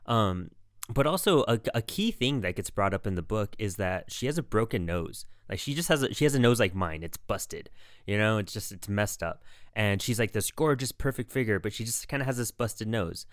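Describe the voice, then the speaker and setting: A man's voice: fairly low pitch, expressive, moderate pace, no echo, clean studio sound. A man co-hosting a podcast in a casual chat, rambling with lots of fillers. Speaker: podcast co-host.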